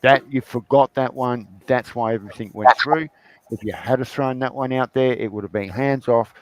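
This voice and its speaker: A man's voice: medium pitch, normal speed, low-quality recording. A man, tired after a night shift, chatting casually on a video call and acting out people in his stories. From Australia. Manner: animated storyteller acting out courtroom voices. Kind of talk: casual chat.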